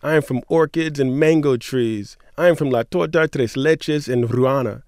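A man co-hosting a radio show who chats and reads community poetry in an earnest, measured way. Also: medium pitch, a little mellow, no echo, studio quality. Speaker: radio co-host. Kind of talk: radio chat and poetry reading.

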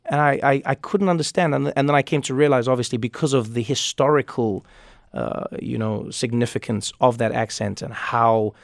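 A man from Africa, a comedian giving thoughtful, animated interview answers in his thirties. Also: mid-range voice, normal speed, vocal fry, no echo, studio quality. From South Africa. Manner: thoughtful, animated, frequent restarts. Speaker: comedian and talk show host as guest. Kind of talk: reflective conversational interview answers.

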